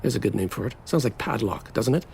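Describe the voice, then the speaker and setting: An actor playing a flamboyant, bitter groom on his wedding day, melodramatic and sardonic, swinging between slow drawls and sudden outbursts. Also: medium pitch, animated, vocal fry, a little mellow, slight background noise. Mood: theatrical. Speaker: actor in a stage play. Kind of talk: theatrical stage acting.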